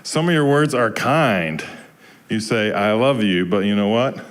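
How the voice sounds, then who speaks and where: A man from Georgia in the US, a minister leading a children's story time in a service, who talks gently and keeps asking the children questions. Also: lowish voice, animated, measured pace. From Georgia, USA. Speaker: guest minister.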